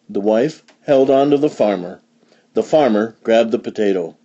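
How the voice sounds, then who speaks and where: A man reading a picture book aloud for young learners, animated, with big jumps in pitch for emphasis. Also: moderate pace, slightly rough, dull audio. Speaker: storybook reader.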